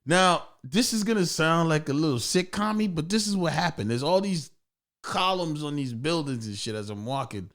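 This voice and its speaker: With a fairly high voice at normal speed, a male comedian guest spins casual stories on a podcast. He animatedly performs the voices of the people involved and uses a lot of profanity.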